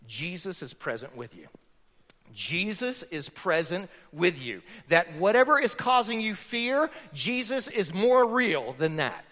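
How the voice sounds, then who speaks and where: A man preaching a sermon as pastor, animated, acting out quotes in the delivery. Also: high voice. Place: church sanctuary. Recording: church hall reverb.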